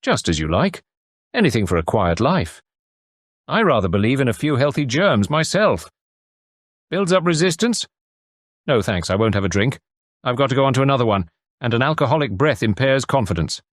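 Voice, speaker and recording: A man voicing a brisk, cheerful family doctor in an audiobook, talking breezily. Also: medium pitch, sing-song, no echo, studio quality, pitched above the performer's own voice.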